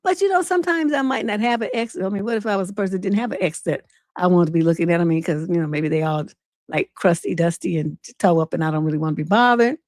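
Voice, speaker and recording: Her voice sits fairly low and moves quickly, recorded cleanly in a studio with no echo. As a relationship coach on an unscripted advice livestream, she tells stories in a blunt, animated, heavily profane way.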